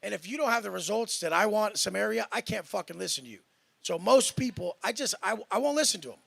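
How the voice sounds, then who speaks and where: Brash, profane man with a gravelly voice. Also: sits high, expressive, quick pace, a bit bright, no echo. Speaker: panel guest. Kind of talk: heated podcast panel talk.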